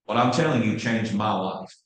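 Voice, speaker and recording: A man's voice: fairly low pitch, animated, normal speed. A man in his fifties giving a passionate, blunt real estate training talk. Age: 50s. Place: training room. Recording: very echoey room.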